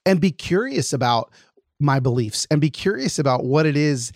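Male podcast host, higher voice, dry close sound, animated anecdote teller. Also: moderate pace, no room sound. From lives in Nashville, Tennessee. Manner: animated storyteller, acts out quotes. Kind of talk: casual podcast chat.

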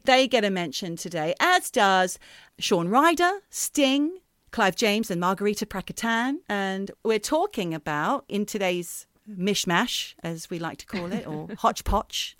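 A woman's voice: medium pitch, no room sound, studio quality. A woman from the UK co-hosting a podcast, chatty with laughing asides. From United Kingdom. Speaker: podcast co-host. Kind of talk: casual chat.

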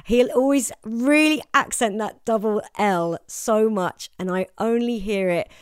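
A woman's voice: a little high, measured pace, smooth, dry recording, studio quality. A woman co-hosting a casual music podcast, giggly and self-deprecating as she chats. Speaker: podcast co-host.

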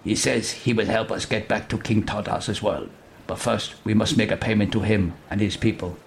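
A man plays a soft-spoken, matter-of-fact translator in a spoken comedy story, dropping his voice low and quiet. Lines come out measured and even, with a faint hiss in the background. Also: creaky. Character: learned grown male sailor-translator, calm and matter-of-fact.

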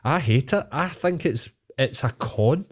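A man's voice: medium pitch, expressive, measured pace, slightly rough. A man with a Glaswegian Scottish accent, co-hosting a podcast in casual chat, ranting heatedly and swearing a lot. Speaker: podcast co-host.

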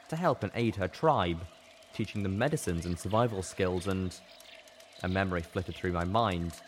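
A man reading a fan fiction story aloud as an audiobook narrator, with expressive delivery. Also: deep voice, slight background noise.

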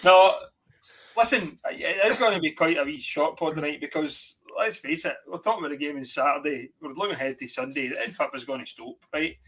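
A man's voice: on the high side, fairly quick, a bit bright, a little hiss or hum. A Scottish man hosting a football podcast, chatting casually with lots of swearing and laughter. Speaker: podcast host. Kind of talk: casual chat.

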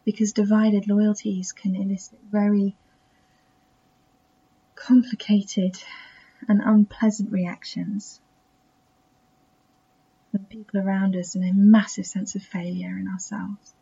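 A woman with a self-taught English accent that drifts toward American speaks in a mellow, husky voice. Her reflective podcast monologue stays soft and intimate, often dropping to a breathy near-whisper, and the recording sounds dull and muffled. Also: mid-range voice, flat delivery, slow, long pauses. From England. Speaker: podcast host.

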